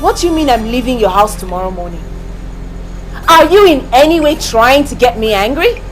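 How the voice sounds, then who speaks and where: An actress with a Nigerian accent playing a proud, defiant senator's daughter and young wife. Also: female voice, fairly high pitch, expressive, normal speed, natural voice. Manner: defiant, haughty. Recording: echoey room with film music.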